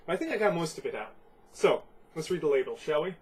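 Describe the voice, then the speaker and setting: A congested man hosting a casual beer review at home, rambling and halting with lots of fillers. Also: a little high, big pitch swings, slightly rough, rough recording.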